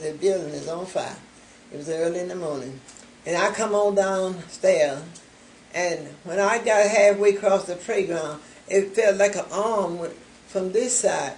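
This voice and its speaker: An older woman, founder of a charity, gives a spoken testimony of faith in a medium-pitched, slightly mellow voice. She tells her story unhurriedly, acting out both sides of remembered conversations with many repeated "I said" and "he said." There's slight background noise and a roomy echo.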